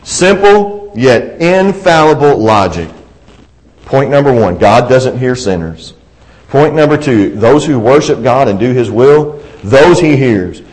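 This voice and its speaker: A man preaching a sermon, speaking with passion, rising to emphatic peaks and dropping to soft asides as he reads scripture aloud. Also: medium pitch, expressive, measured pace, rough recording.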